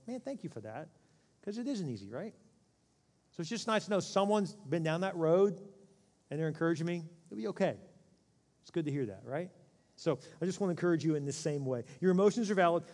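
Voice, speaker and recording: A man's voice: on the high side, a little mellow. A middle-aged man preaching a sermon as a pastor, in a conversational way that acts out quoted voices. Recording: long hall reverb.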